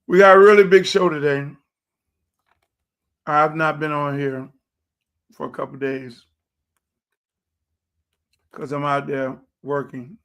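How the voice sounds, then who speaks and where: A man hosts a loose livestream chat and drifts from one thought to the next while eating. His voice sits fairly high for a man. He takes his time, with an unhurried, drawn-out delivery. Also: level tone, fairly bright tone, clean tone. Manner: rambling and chatty, talking while eating. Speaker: show host.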